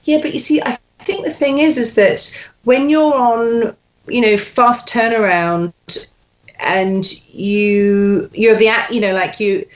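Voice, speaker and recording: A woman coaching accents, talking in a chatty, animated way with quoted asides. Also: fairly high pitch, takes it slowly. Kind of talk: casual chat. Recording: roomy echo.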